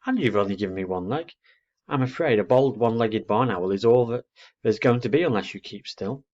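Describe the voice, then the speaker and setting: A man voicing a gentle, kindly young woman who sketches animals, speaking softly. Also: on the low side, brisk, highs cut off, close to an everyday voice. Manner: soft and kindly.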